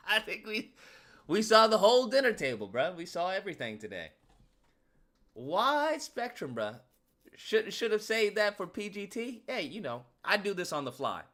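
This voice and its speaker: Slangy, animated male commentator. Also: sits high, normal speed. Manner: slangy, laughing, rhetorical questions. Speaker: YouTube commentator. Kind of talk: casual comedic commentary.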